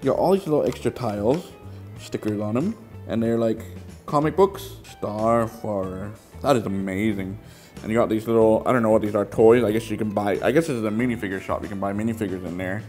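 A man reviewing a toy set in a casual, excitable way, often trailing off into quiet mumbles. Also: on the low side, quick pace, soft background music.

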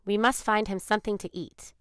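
A woman reading aloud and voicing an excited, squawking crow in a storybook. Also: on the high side, moderate pace, dry recording, clean studio sound, voice pushed up, close to an everyday voice.

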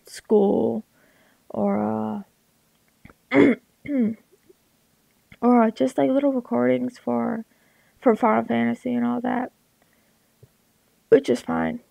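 A young woman with a crackly, gravelly voice, rambling casually with lots of fillers and restarts about her art, into a headset at home. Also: a little high, warm tone, no room sound. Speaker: artist vlogger. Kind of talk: rambling casual talk over a drawing.

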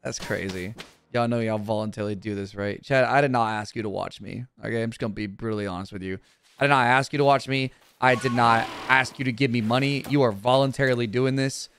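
A man's voice: mid-range voice, fairly even intonation, quick pace, a bit bright, a little hiss or hum. A man live-streaming while gaming, talking bluntly to his chat, swearing freely and getting heated.

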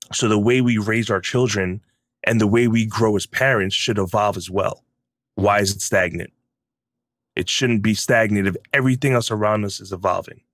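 A man's voice: fairly low pitch, fairly bright tone, dry recording. A middle-aged man, a podcast guest, speaking emphatically in casual conversation. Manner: emphatic, opinionated.

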